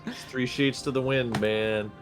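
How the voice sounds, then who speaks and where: A man's voice: mid-range voice, steady tone, unhurried, faint music behind. A man chatting as a player, laid-back, often tagging sentences with "man". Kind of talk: casual chat.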